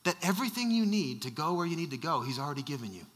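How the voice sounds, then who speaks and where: Hushed soft nigerian guy, as a preacher imitates him, low and quiet, long echo. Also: sing-song, rapid-fire. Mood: solemn. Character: soft-spoken Nigerian man giving a prophetic word.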